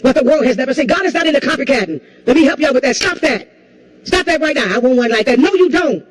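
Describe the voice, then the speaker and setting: A woman's voice: high-pitched, animated, quick pace, rough recording. Impassioned woman preacher, repeating lines. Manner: impassioned, repeats lines and asks the crowd if they hear her; rises to shouts and a crying tone at peaks. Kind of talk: sermon.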